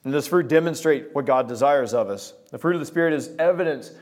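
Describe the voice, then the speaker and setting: A male preacher giving a sermon with an object lesson, talking straight to the congregation in an animated way. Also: medium pitch, fast.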